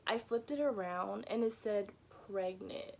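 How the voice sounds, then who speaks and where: A woman's voice: mid-range voice, a little slow, gravelly, warm tone. A young woman vlogger telling a casual storytime from her bedroom, chatty and peppered with "like" and "you know," swearing freely. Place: home bedroom.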